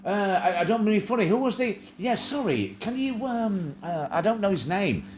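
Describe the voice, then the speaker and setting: A man's voice: high-pitched, lively intonation, moderate pace, soft background music. A man hosting a casual livestream chat show, rambling and joking with plenty of fillers and restarts.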